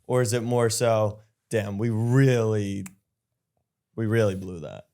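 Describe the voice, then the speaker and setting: A man's voice: fairly low pitch, slow, warm tone. A man hosting a podcast, asking chatty, easygoing follow-up questions in casual conversation. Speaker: podcast host. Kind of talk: casual podcast interview chat.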